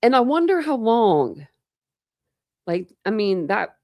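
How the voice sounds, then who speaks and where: Gravelly-voiced woman chatting on a livestream. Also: mid-range voice, sing-song, slow pace, no room sound, highs cut off. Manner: rambling, talks straight to live chat. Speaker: true crime channel host. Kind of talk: casual livestream chat.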